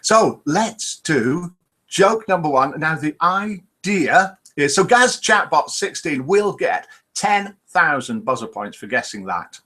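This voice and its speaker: A man hosting a casual live online show, talking chattily as he reads out scores and greets viewers. His voice is slightly high for a man and sounds bright. His pitch moves up and down a lot as he talks. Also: big pitch swings, takes it slowly.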